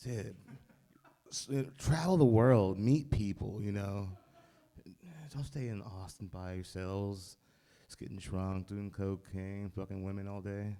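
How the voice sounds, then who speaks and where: A man's voice: fairly low pitch, fairly even intonation, a little slow, dark tone. A man doing stand-up comedy on a club stage, laid-back and provoking the crowd. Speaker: stand-up comic.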